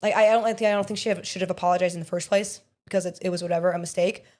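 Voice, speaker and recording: A young woman co-hosts a casual podcast in a chatty, easygoing way. She tells stories in an animated, conversational style with plenty of energy. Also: lowish voice, racing. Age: young adult. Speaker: podcast co-host. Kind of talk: casual political podcast chat.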